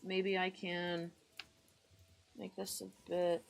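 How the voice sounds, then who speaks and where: A woman's voice: lowish voice, monotone, takes it slowly, vocal fry, a little hiss or hum. A woman from the United States streaming live, chatting casually while she draws, rambling and self-deprecating, muttering to herself and greeting her chat in a friendly way.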